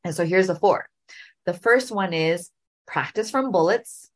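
A middle-aged woman hosting a podcast, telling a story and giving speaking advice in an animated way, often repeating phrases. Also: fairly low pitch, measured pace. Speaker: podcast host and speaking coach.

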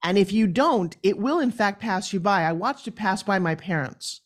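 A woman's voice: mid-range voice, normal speed. A woman from New York with a New York accent, a podcast guest telling her life story in a blunt, emphatic way. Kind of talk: candid interview storytelling.

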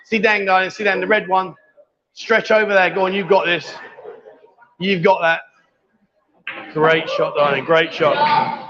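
Speaking at a measured pace with long pauses, this man has a high, steady, slightly bright voice. He hosts a casual livestream of bar banter from a busy bar with a pool table, chatty and teasing and calling everyone darling; the lo-fi audio is dull, with crowd chatter behind him.

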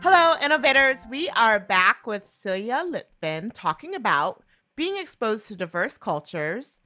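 A woman's voice: medium pitch, sing-song, unhurried, sharp tone, soft background music. A woman hosting a podcast interview, upbeat as she asks her guest questions. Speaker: podcast host.

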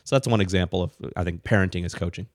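A middle-aged man co-hosting a casual podcast, explaining ideas in a rambling, animated way with frequent restarts. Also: low-pitched, rapid-fire, no room sound, studio quality. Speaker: podcast co-host, parent.

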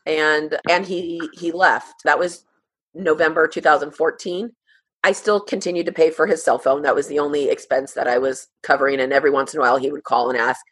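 A woman in her thirties, a podcast guest, telling a personal story in a halting, emotional way with many fillers. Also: sits low, fairly even intonation, fairly bright tone, husky.

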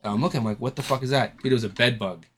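A man on a casual podcast rattles off a long anecdote at a rapid clip. He swears freely and slips into the voices of the people he is quoting. His pitch sits right in the middle. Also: fairly bright tone, breathy edge. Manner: rambling storyteller who swears freely and acts out quoted people. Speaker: podcast co-host.

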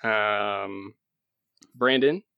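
A young man hosting a casual movie podcast, wry and self-mocking, halting with fillers as he introduces the film. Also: lowish voice, vocal fry, no echo, muffled recording. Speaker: podcast host.

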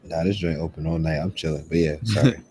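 Deep-voiced young man from Guyana. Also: steady tone, background noise. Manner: halting, slangy storytelling with restarts. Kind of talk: casual chat.

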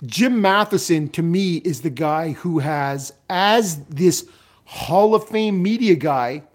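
A man's voice: on the high side, animated, slow pace. A man co-hosting a casual sports podcast, blunt and profane, often repeating words as he starts. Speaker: podcast co-host.

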